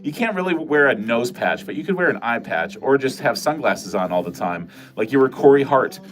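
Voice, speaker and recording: A man's voice: medium pitch, big pitch swings, a little fast, hardly any pauses, soft background music. A middle-aged man hosting a casual livestream from a corner of his home, chatting with viewers in a rambling, self-mocking and profane way. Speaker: livestream host. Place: corner of a home filming room.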